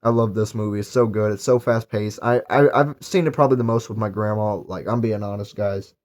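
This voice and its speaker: A man's voice: on the low side, brisk, darkish tone. Young man, casual movie review, rambling, lots of fillers, enthusiastic.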